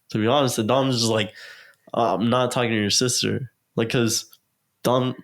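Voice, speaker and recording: A man's voice: mid-range voice, fairly even intonation, normal speed. A young man in casual podcast talk, telling a long story full of fillers and acted-out quotes. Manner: rambling, filler-heavy, acts out quotes. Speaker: guest.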